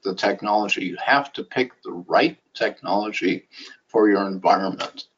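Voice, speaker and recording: A man co-presenting a webinar who chimes in with a measured, earnest point. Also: fairly low pitch, a bit bright, husky. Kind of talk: conversational webinar interjection. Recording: muffled lo-fi web audio.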